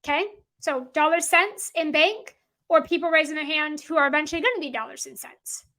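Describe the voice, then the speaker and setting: A woman's voice: sits high, a little fast, fairly bright tone. A woman business coach teaching a masterclass in an emphatic, repetitive way, often acting out what clients say to her.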